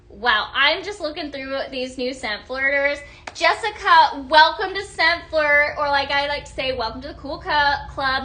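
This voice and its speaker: A woman's voice: high voice, sharp tone, slight background noise. Bubbly woman selling on a live stream. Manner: upbeat and gushing, calls viewers "my friends". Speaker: host of a live shopping stream. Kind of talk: live product demo sales pitch.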